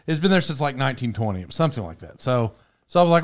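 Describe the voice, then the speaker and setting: A man's voice: mid-range voice, very animated, quick pace. A man hosting a podcast from a studio, telling a story in a casual, rambling way, cutting himself off and laughing often. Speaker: podcast host.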